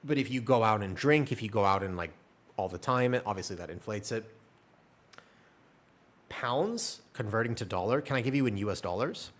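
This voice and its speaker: A man's voice: on the low side, animated, moderate pace. A man streaming and chatting casually, answering his chat in a rambling, talkative way. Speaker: game streamer.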